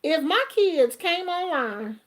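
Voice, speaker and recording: A middle-aged woman, giving a casual, animated commentary vlog and laughing often. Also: extremely high pitch, takes it slowly. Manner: animated, chatty, laughs often, sings snippets. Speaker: vlogger commenting on online drama.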